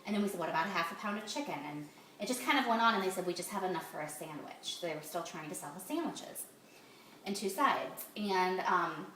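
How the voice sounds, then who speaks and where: A woman's voice: fairly low pitch, animated, fairly bright tone. A woman telling a story to her family, acting out the dialogue of the people in it. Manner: fast, re-enacts quoted dialogue. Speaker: mother recounting a restaurant incident. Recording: roomy, from a distance, faint background hum.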